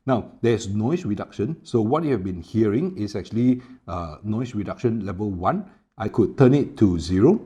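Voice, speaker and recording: A man's voice: lowish voice, normal speed, lo-fi sound. A man, casually demoing a small wireless mic at home, explaining with lots of fillers. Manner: relaxed explaining with many fillers. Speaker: tech reviewer. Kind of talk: product demo vlog. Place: home room with air conditioner. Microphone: small wireless clip mic.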